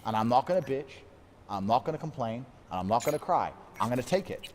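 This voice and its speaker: A man's voice: mid-range voice, animated, fast, darkish tone, long reverb tail, slight background noise. A man in his thirties, a fighter, talking in a brooding, self-pitying monologue laced with swearing. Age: 30s. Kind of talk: emotional monologue.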